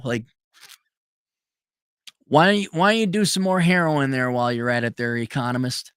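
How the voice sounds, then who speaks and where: A man's voice: medium pitch, moderate pace, pauses often, a bit bright, clear, resonant tone, dry recording, clean studio sound. A middle-aged man ranting in a sarcastic, rambling, profane monologue as a podcast host.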